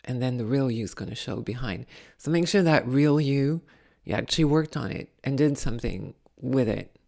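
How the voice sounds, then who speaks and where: A woman's voice: very deep voice, animated, normal speed, gravelly, dark tone, heavily acted. A woman channeling a blunt, salty female spirit who reads tarot cards and scolds the listener. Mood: blunt scolding.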